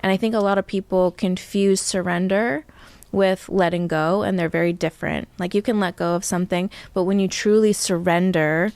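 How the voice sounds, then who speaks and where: A young woman speaks in a relaxed interview, earnest and open. Her voice has a gravelly edge of fry. The recording is close and dry. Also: fairly low pitch, moderate pace, dry recording. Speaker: guest, shamanic healer. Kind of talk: casual interview chat.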